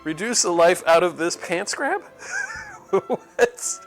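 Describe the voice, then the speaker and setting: Animated high-voiced man streaming a game. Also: slow. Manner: animated mock-exasperated fatherly role-play with chat. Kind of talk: casual live-stream gameplay chat. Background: faint game music.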